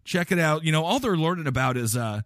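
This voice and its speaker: A man's voice: on the high side, lively intonation, quick pace, fairly bright tone, dry recording, studio quality. A young man from Wisconsin riffing jokily in a casual comedic chat. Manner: riffing, jokey, puts on silly voices.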